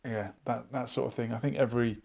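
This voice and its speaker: A man hosting a live online chat show, musing out loud and reading viewers' comments aloud in a casual, thinking-aloud way. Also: mid-range voice, fairly even intonation, fast, gravelly. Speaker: livestream chat host.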